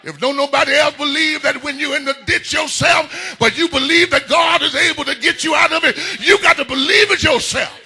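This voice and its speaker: A man preaching a sermon in a church, building into whooping shouts. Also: very high voice, brisk, vocal fry, few pauses. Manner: whooping call-and-response preaching, rising into shouts.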